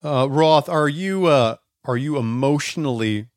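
A man's voice: fairly high pitch, a little slow. A man co-hosting a podcast, talking loosely and thinking aloud with many fillers. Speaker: podcast co-host. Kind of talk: casual podcast banter.

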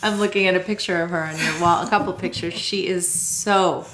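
A woman hosting an interview podcast, chatting casually and answering her guest with soft affirmations. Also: lowish voice, steady tone, brisk, a crowd in the background. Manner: warm affirmations, gets teary. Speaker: podcast host.

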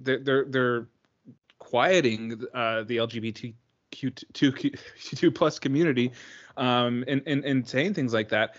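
A man co-hosting a sports podcast in casual chat, talking in halting bursts full of restarts and repeated words. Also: mid-range voice, fairly bright tone, muffled recording. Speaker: podcast co-host.

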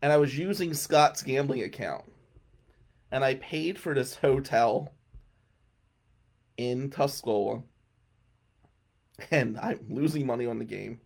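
A male radio show host telling a rambling, comic story in a casual way and clearing his throat often. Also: mid-range voice, slow, long pauses.

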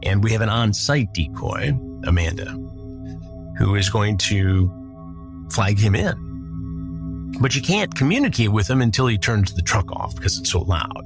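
A man hosting a podcast, retelling a story in a measured, dramatic way. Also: fairly low pitch, lively intonation, music in the background. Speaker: podcast host. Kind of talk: storytelling narration.

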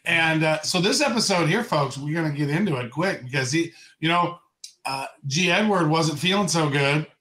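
Male co-host, somewhat high voice, loose and rambling, quick to laugh. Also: animated, pushed and bright, rough recording. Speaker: podcast co-host. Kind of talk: casual podcast chat.

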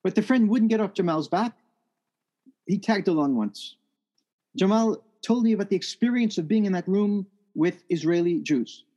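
A man with a notably high voice tells a story from his own life. He speaks in an earnest, reflective way. His pitch lifts further as the feeling builds. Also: lively intonation, moderate pace, dark tone, dull audio. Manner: earnest, reflective, rises in pitch at emotional peaks. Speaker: speaker telling a personal story. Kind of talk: first-person storytelling talk.

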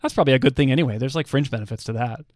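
Talking very fast in a mid-range, slightly mellow voice, an American man co-hosts a podcast recorded in dry, clean studio sound. He keeps the conversation casual, laughing easily and pausing on fillers.

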